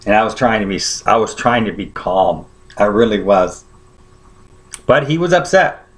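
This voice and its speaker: A man's voice: lowish voice, big pitch swings, normal speed. A man preaching a sermon, telling a personal story in a conversational way and often checking in with his listeners.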